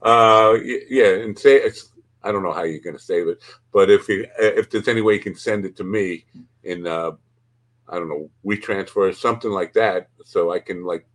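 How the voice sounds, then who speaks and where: A man's voice: low voice, normal speed, fairly bright tone. A man hosting a podcast, chatting casually in a rambling, crude, joking way. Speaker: podcast host. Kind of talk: casual chat.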